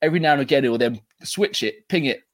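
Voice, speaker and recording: A man's voice: mid-range voice, animated, fast talker. An English man hosting a casual football podcast, enthusiastic and swearing casually. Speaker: podcast host.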